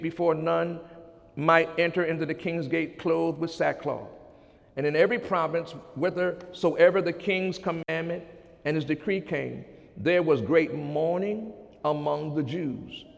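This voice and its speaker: A male preacher delivering a fervent sermon and reading scripture aloud. He repeats his phrases and swings between loud and hushed delivery. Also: on the high side, vocal fry. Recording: long hall reverb.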